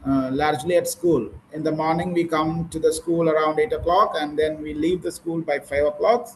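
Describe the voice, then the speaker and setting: A man's voice: sits high, a little hiss or hum, low-quality recording. Indian man leading an English speaking class. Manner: patient, questioning, corrects pronunciation. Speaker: English teacher trainer. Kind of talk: online speaking practice session.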